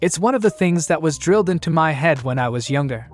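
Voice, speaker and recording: A man voicing a fiery teen ninja girl, sharp, a bit higher pitched, storybook reading, faint music. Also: lively intonation, quick pace, close to an everyday voice. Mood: angry.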